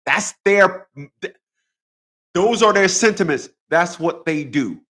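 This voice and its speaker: Here the host talks slowly in a high, animated voice that's sharp and husky. He's on his own channel delivering a casual, combative boxing monologue, cursing bluntly and repeating lines repeatedly for emphasis.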